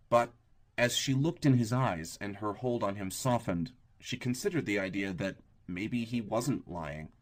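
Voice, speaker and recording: A man narrating an audiobook in a steady, even storytelling manner. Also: medium pitch.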